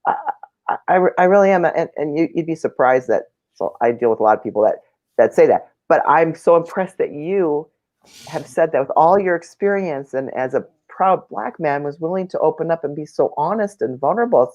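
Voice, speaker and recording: A woman's voice: deep voice, animated, a little fast, darkish tone, lo-fi sound. A woman hosting a conversation, speaking earnestly and restarting her sentences when she is moved. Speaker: host. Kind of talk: casual conversation.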